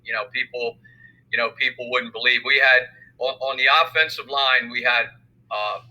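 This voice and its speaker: Bright-voiced older football coach. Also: male voice, medium pitch, steady tone, poor audio. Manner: measured, thoughtful, many fillers. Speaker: high school football coach. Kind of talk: interview conversation.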